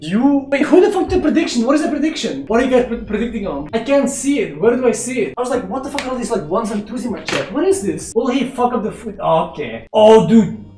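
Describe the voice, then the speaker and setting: Young man, streamer, excitable, swearing, loud outbursts, echoey kitchen. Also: extremely high pitch, fast talker, few pauses. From Belgium. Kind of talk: live-stream chat while cooking. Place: home kitchen. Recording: echoey kitchen with faint music.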